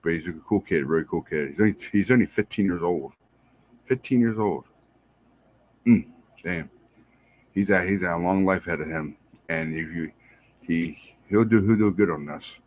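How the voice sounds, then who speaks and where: Deep-voiced man giving rambling shout-outs. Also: moderate pace, pauses often. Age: adult, married. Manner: rambling, repeats himself, friendly. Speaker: podcast host. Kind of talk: casual shout-outs to listeners.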